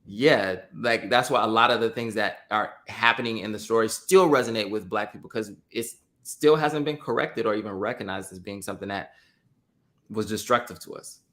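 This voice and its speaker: A man's voice: fairly low pitch, moderate pace, fairly bright tone. A man co-hosting a podcast, talking about a film in an earnest, thoughtful way. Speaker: podcast co-host. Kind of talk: casual film discussion.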